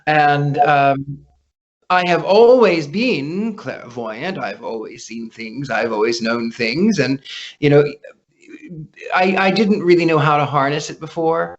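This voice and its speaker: Stammering, animated man on a dull recording. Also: on the high side, slow pace. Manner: animated, repeats words when starting sentences. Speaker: psychic guest. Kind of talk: casual storytelling interview. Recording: dull lo-fi podcast audio.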